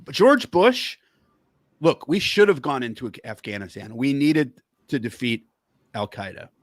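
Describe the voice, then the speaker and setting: A man's voice: medium pitch, big pitch swings, measured pace, dry recording, clean studio sound. Furious swearing man ranting. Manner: angry, heavy swearing, worked up. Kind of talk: profane political rant.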